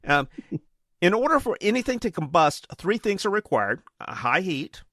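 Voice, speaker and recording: A man co-hosting a podcast, playful and quick to joke while reading explanations aloud. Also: sits high, very animated, sharp tone, no echo, clean studio sound. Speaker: podcast co-host.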